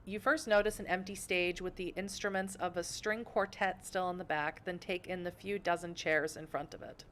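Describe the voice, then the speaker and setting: A woman's voice: fairly low pitch, steady tone, normal speed, few pauses, fairly bright tone, a little hiss or hum. An American woman streaming a game from home, reading the story aloud and breaking off for playful, self-mocking asides. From United States. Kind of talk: reading a visual novel aloud with chatty asides.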